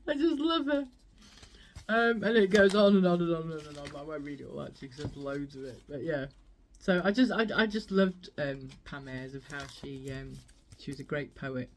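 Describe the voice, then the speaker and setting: A woman's voice: deep voice, fairly quick, few pauses, slight background noise. A woman vlogging her thrift finds in a chatty, rambling way, laughing often. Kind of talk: casual chat.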